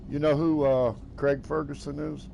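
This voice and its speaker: An older American man chatting casually while playing a game, with a folksy, halting drawl. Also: a little high, little pitch movement, creaky, warm tone, dull audio, slight background noise. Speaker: gaming streamer.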